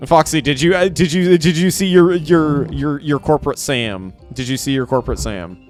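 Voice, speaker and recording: A man's voice: fairly high pitch, moderate pace, darkish tone, faint music behind. A man giving casual live gameplay commentary, playful and rambling, repeating phrases and talking to his chat. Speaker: game streamer.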